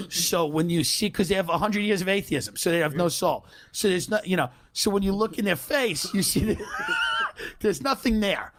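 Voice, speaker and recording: Brash, profane man telling stories. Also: on the high side. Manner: brash, profane storytelling with quick asides. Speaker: comedian telling a story. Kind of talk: podcast storytelling.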